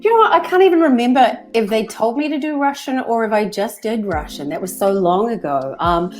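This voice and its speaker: A woman's voice: fairly high pitch, lively intonation, a little fast, darkish tone, faint music behind. A woman, chatting as a guest voice actress on a video-call interview, laughing often.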